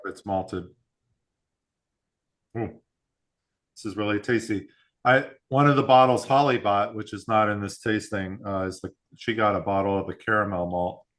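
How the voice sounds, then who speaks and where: A man hosts a whiskey club tasting in casual chat, his voice low-set but bright and forward. He reads out proofs and mash bills in an easy, unhurried way. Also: fairly even intonation.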